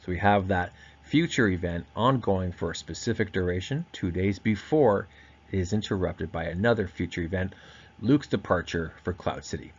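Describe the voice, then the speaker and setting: A man giving a recorded grammar lesson, explaining step by step and slowing down to stress key words. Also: sits low, breathy edge, dull audio. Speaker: teacher.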